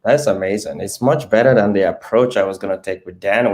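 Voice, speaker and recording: A man's voice: fairly low pitch, brisk, a little mellow. A man co-hosting a live stream, reacting with enthusiastic praise and jokes. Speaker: co-host. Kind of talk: casual stream chat.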